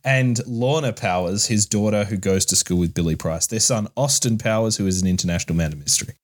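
A man's voice: on the low side, fast. A man co-hosting a podcast, chatting bluntly about a book with jokey asides and casual swearing. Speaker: podcast co-host.

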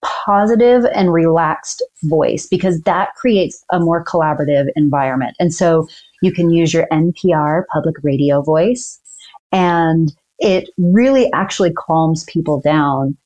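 A woman, a dental attorney, explaining negotiation tactics in an earnest, measured way as an interview guest. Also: sits low, a little mellow. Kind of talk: casual interview talk.

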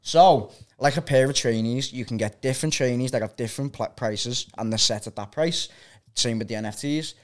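A man with a Liverpool accent talks in a relaxed podcast conversation. He explains step by step, running on and going off on tangents, at a middling pitch. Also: a little fast. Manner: explains at length, self-taught enthusiast. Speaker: guest explaining crypto tokens. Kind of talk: casual podcast chat.

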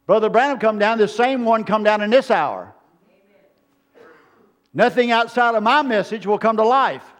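A man with a high-pitched voice delivers a sermon from the pulpit. He hammers his points home with repeated phrases and reaches out to the congregation for amens. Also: lively intonation, normal speed. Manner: emphatic preaching with repeated phrases. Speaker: preacher.

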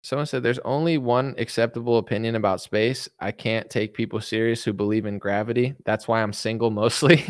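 A man's voice: medium pitch, a little fast, clear, resonant tone, no echo, studio quality. A man from the United States answering viewer questions in a casual, rambling, joking livestream chat. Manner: rambling, joking, reads viewer comments aloud.

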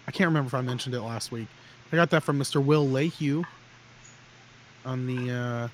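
A man's voice: medium pitch, slight background noise. A man hosting a gear podcast, chatting casually in a rambling, joking way with frequent restarts. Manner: rambling, jokey, restarts often. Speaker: podcast host. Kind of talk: casual chat.

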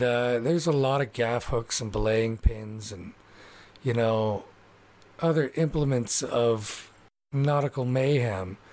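A man's voice: mid-range voice, darkish tone. Man narrating as game master. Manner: descriptive, rambling with fillers.

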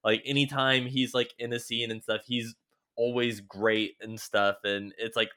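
A man chatting casually on a podcast, his voice sitting in an ordinary middle pitch. He rambles along, stacking filler words and dropping casual swears as he recaps a show. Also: little pitch movement, unhurried, sharp tone, clean tone. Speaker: podcast co-host.

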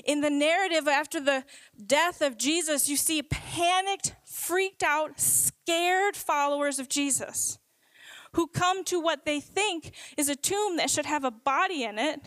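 A woman preaching a sermon, earnest and emphatic, slowing down to stress her points. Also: high voice, fairly bright tone, dry recording, rough recording.

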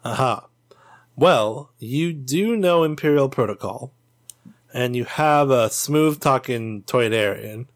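A man narrating as game master of a tabletop role-playing game, talking casually and quickly. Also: medium pitch.

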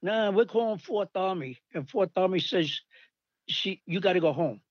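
A man's voice: sits high, lively intonation, normal speed, no echo, dull audio. An older man telling rambling army stories in casual talk, acting out the voices of people he quotes. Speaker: storyteller recalling army days. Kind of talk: casual anecdote.

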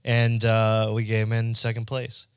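A man's voice: lowish voice, completely flat delivery, measured pace, clear, resonant tone, no echo, studio quality. A young man hosting a podcast, telling rambling, crude, jokey stories in casual chat. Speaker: podcast host.

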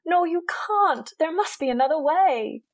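A woman's voice: very high-pitched, lively intonation, a little slow, voice pushed up. A woman playing a clever young schoolgirl witch in a put-on British accent. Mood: pleading.

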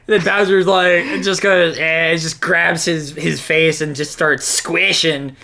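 A podcast co-host in a casual, comic review, joking with quick asides. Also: medium pitch, gravelly. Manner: lively, jokey, fast asides.

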